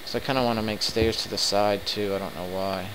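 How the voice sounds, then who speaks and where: A man commenting live on his game, excitable and quick to swear in frustrated outbursts. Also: fairly low pitch, background noise. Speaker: let's play gamer.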